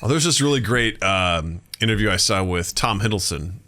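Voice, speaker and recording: Bright-voiced animated male podcast host. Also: on the low side, normal speed, slight background noise. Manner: animated storyteller, acts out quotes in raised voices. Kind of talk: casual chat.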